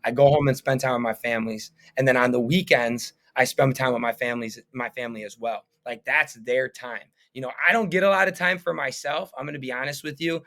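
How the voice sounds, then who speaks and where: A man's voice: mid-range voice, fairly even intonation, a little fast, creaky, hardly any pauses, a bit bright. Earnest rambling man, podcast guest. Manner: earnest, rambling, filler-heavy. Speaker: painting business owner, podcast guest. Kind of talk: casual interview chat.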